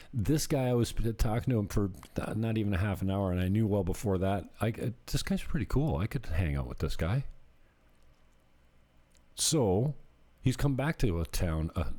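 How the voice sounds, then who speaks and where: Deep-voiced man rambling as a realtor. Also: darkish tone. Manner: rambling, jokey storytelling with laughs. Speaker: real estate agent. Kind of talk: casual vlog chat.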